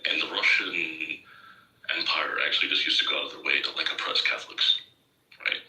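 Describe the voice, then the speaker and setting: Deep-voiced young man explaining history. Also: fairly even intonation, sharp tone. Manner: quick, knowledgeable, explains history with fillers. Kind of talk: casual chat. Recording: roomy, distant mic.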